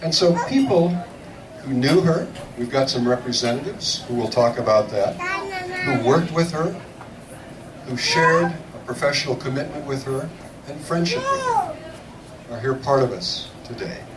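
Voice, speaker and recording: A man officiating a memorial service, introducing speakers in a measured, ceremonial way. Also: a little high, sing-song. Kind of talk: formal introduction. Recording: distant, noisy room.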